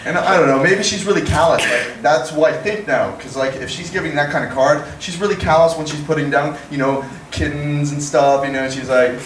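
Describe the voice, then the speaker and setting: A young man performing a rambling stand-up set, slipping into quick character voices, recorded in an echoey room from far off. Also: a little high, background noise. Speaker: stand-up comedian. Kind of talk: open-mic stand-up set.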